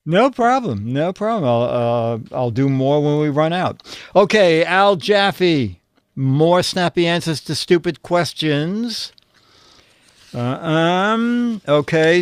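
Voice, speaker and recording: A man's voice: on the high side, clear, resonant tone, dry recording, clean studio sound. A man hosting a comedy show, reading punchline answers aloud and chuckling at them. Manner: chuckles at his own punchlines. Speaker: show host.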